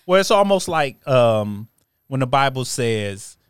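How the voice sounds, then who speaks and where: A man's voice: mid-range voice, very animated, unhurried, clean tone, no room sound. Easygoing male podcast host, dry mic. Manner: conversational, affirming, playful asides. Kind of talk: casual faith discussion.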